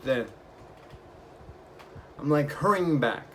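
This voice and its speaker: A young man vlogging, casually retelling his week with lively quoted bits of dialogue. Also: a little high, takes it slowly, a little hiss or hum. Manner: chatty, animated retelling with acted quotes. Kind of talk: casual storytelling vlog.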